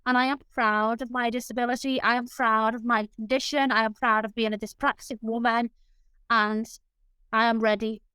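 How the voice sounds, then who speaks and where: Effusive high-voiced woman guest. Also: fairly even intonation, normal speed, pushed and bright, clean tone, dry recording, rough recording. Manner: effusive and openly emotional. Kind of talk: casual interview chat.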